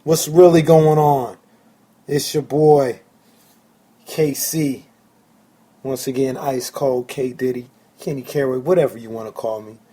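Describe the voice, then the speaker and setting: A man hosting his own sports podcast alone, talking excitedly and emphatically and repeating phrases for effect. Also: mid-range voice, unhurried, pauses often. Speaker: podcast host. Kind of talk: solo sports fan podcast.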